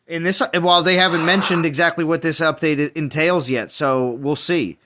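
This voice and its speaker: Male host, fairly high, bright voice, animated casual chat, reads chat aloud. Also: moderate pace, a little hiss or hum. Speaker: streamer host reading chat. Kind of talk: casual gaming roundtable chat.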